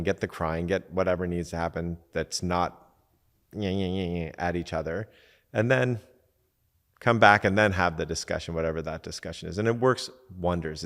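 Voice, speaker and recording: A man's voice: sits low, a bit bright, big-room sound. A man talking casually as a relationship coach, full of fillers and acting out quoted back-and-forth exchanges. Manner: conversational, acts out quoted exchanges, many fillers. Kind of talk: casual teaching talk.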